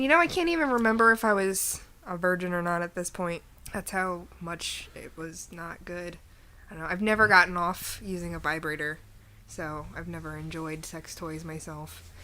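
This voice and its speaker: A woman's voice: lowish voice, sharp tone. A woman guest on a podcast, talking frankly and casually about her own experiences. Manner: frank and laughing. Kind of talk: casual chat.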